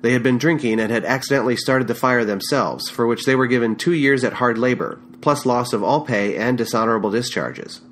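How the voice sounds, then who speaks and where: A man narrating a novel in the first person with a measured, even reading and small stumbles, recorded at home on a USB condenser mic. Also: medium pitch, a little hiss or hum. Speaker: audiobook narrator. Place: home room with minimal treatment.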